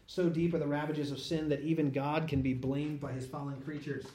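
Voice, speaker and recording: A man's voice: a little high, level tone, fairly quick, mellow, a little hiss or hum. Man teaching scripture in an echoey room. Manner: asks rhetorical questions, checks in with listeners; restarts and self-corrects mid-sentence. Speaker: Bible teacher. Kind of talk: conversational Bible study teaching. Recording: very echoey room, speaker far from mic.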